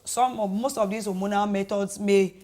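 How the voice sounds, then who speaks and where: Brief: Nigerian woman, guest doctor on call-in radio, measured advice, mid-pitched voice. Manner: calm, measured, advising.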